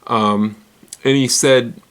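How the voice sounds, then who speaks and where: A man's voice: mid-range voice, fairly even intonation, takes it slowly, a bit bright, clear, resonant tone. A man hosting a casual weird-news roundup, rambling and giggly, poking fun at himself as he stumbles over words. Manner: rambling, giggly, self-deprecating. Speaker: host.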